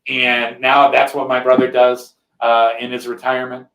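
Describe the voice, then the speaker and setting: A man's voice: medium pitch, monotone, normal speed, a bit bright, distant mic. Rambling man telling a story, roomy sound. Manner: rambling, checks in with frequent "right?" tags. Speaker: podcast host. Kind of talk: conversational storytelling. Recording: roomy echo.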